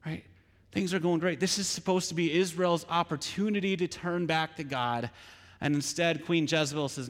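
A pastor preaching a sermon, retelling a story with frequent rhetorical questions. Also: male voice, a little high, fairly even intonation, moderate pace, long reverb tail.

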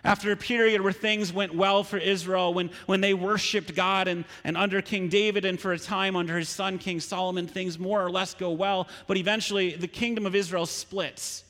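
A pastor preaching a sermon, retelling a story with frequent rhetorical questions. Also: male voice, high-pitched, little pitch movement, normal speed, hardly any pauses, fairly bright tone, big-room sound.

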